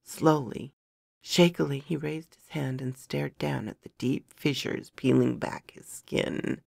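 A woman narrating a first-person fantasy story in a measured, dramatic storytelling manner. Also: a bass voice, gravelly, a little mellow, slightly rough, dry recording, studio quality.

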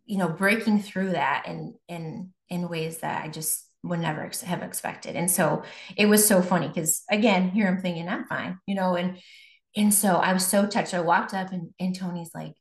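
Woman, young adult, from Buffalo, faith testimony, low-ish voice, restarts and fillers, echoey room. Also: fairly even intonation, moderate pace. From Buffalo, New York. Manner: conversational, many fillers and restarts. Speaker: guest. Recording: roomy echo.

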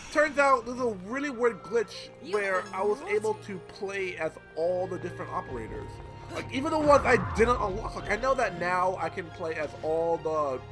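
A man giving casual gameplay commentary, rambling and excitable, swearing loudly at the game. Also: high-pitched, low-quality recording. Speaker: gameplay streamer. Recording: loud game music behind voice. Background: game music and sound effects.

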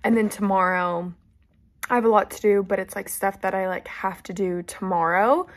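A woman's voice: medium pitch, steady tone, normal speed. Chatty young woman vlogging. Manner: chatty, lots of "like" fillers. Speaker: vlogger, dance studio owner. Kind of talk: casual vlog narration.

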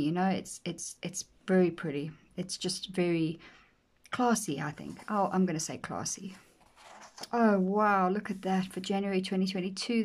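A woman vlogger gushing over a planner in casual commentary, often dropping to soft near-whispers. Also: fairly low pitch, a little hiss or hum. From South Africa. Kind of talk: casual flip-through commentary.

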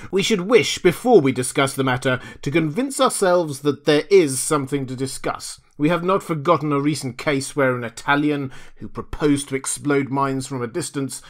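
A man reading an audiobook, voicing a pompous elderly professor who speaks in a booming, scornful, haughty way. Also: normal speed, hardly any pauses, close to an everyday voice. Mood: stern.

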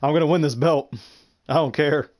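A man's voice: fairly high pitch, steady tone, normal speed, dry recording. A young man doing gameplay commentary, swearing and trash-talking the game in frustration. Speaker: gameplay streamer. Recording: game sounds loud behind.

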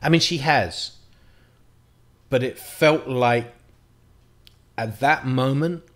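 A middle-aged man speaks in a mid-pitched, everyday voice, recounting a personal memory. He talks in a halting, reflective way, restarting sentences and dropping the odd curse. The delivery stays conversational and unpolished. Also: fairly bright tone. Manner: reflective, halting, with frequent restarts and mild swearing. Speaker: vlogger. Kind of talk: personal storytelling to camera.

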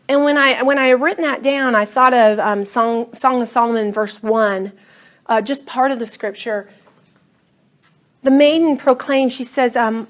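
A woman teaching a Bible class, telling stories and reading scripture in an animated, emphatic way. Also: a little high, normal speed.

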